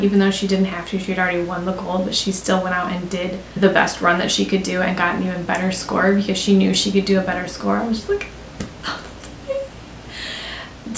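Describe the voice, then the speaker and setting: A woman's voice: mid-range voice, gravelly. A young American woman chatting in a gushing, talkative way, full of "like", as a beauty vlogger. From United States. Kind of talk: casual chat. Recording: roomy with faint hiss.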